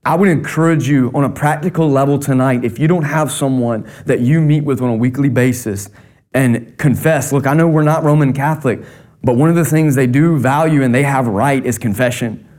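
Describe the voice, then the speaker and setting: A man's voice: medium pitch, a little fast, a little mellow. Storytelling Southern preacher man. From North Carolina. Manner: conversational storytelling, humorous. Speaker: pastor. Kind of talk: sermon.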